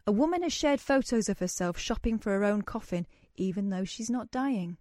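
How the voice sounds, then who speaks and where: A woman hosting a radio phone-in, chatty and self-deprecating, with quick asides as she reads out stories. Her voice is recorded close and dry in the studio. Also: medium pitch, lively intonation, a little mellow, no room sound. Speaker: radio show host. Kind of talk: casual radio chat. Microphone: studio microphone.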